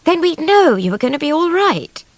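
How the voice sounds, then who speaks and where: A woman's voice: sing-song, moderate pace, dry recording. A woman voicing a tender-hearted young girl who pleads earnestly, close to tears. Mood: pleading. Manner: high, imploring, close to tears.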